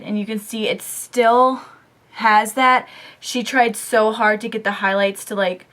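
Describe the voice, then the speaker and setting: A young woman casually telling a story in a beauty vlog, chatty and animated, full of "like" and "um", talking straight into a camera mic. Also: mid-range voice, slow pace. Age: young adult. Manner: chatty, lots of "like" and "um"; animated storytelling, quoting others. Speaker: beauty vlogger.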